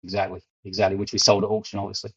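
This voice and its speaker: A man's voice: on the low side, level tone, rapid-fire, breathy edge. A middle-aged man with a London accent, telling stories as an interview guest and often repeating words as he gets going. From England. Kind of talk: storytelling interview. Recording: muffled lo-fi audio.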